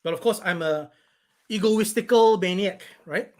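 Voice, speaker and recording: A man's voice: sits high, normal speed, a little mellow. A man hosting his own live stream, reading out viewer comments in an irritated, blunt, rambling way and swearing now and then.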